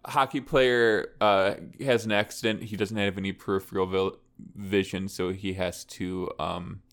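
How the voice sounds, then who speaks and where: Male podcast co-host, lowish voice, loose rambling storyteller. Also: flat delivery, a little slow, a bit bright, clean tone. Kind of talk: casual chat.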